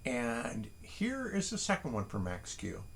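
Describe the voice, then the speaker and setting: A man hosting a casual morning livestream, reading listeners' haiku slowly and adding wry, chatty asides from his desk at home. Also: medium pitch, wildly swooping pitch, gravelly, fairly bright tone. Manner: chatty and wry, reads poems slowly and deliberately.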